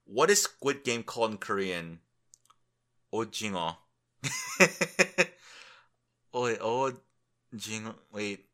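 A man's voice: lowish voice, sing-song, takes it slowly, pauses often, pushed and bright. A young man hosting a podcast alone, tired and rambling, joking crudely and thinking aloud as he looks things up. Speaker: podcast host. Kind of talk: rambling solo podcast chat.

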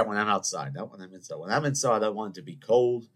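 A young man, hosting a podcast in a casual solo chat. He rambles, jokes at his own expense and talks in an animated way. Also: on the low side, fast. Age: 20s. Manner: animated, rambling, self-mocking. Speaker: podcast host.

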